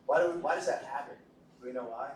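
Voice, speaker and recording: A man's voice: mid-range voice, fast. Joking male lecturer in an echoey room. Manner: jokey, conversational, asks the class questions. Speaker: medical lecturer. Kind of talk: classroom lecture. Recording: echoey room from a distance with faint noise.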